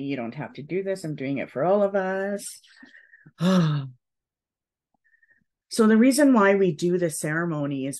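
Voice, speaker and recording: A woman leading a spiritual cacao ceremony at home, speaking gently and soothingly, often checking in with "okay". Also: on the low side. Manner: slow, gentle, soothing guidance with frequent "okay". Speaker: ceremony leader.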